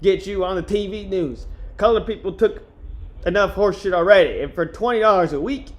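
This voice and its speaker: A man's voice: high-pitched, fairly quick, close to an everyday voice. Man reading as a mocking, defiant janitor in a put-on accent, pushy and raised. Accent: put-on dialect accent.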